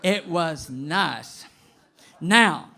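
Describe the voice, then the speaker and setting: A man in his late sixties telling a personal story to a live audience, animated and gossipy, with dramatic pauses. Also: a little high, gravelly. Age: 60s.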